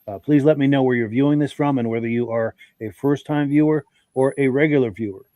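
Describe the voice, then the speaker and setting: A man's voice: medium pitch, a little fast, no room sound, narrow, tinny audio. Congested man hosting a live podcast. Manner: friendly, folksy, reads out comments with fillers. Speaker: podcast host. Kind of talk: live-stream podcast hosting, reading viewer comments.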